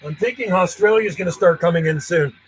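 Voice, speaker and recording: High-voiced radio hobbyist. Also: male voice, a little fast, slight background noise. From Canada. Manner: chatty, blunt, clears throat often. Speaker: CB radio operator. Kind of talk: casual radio chat and calling.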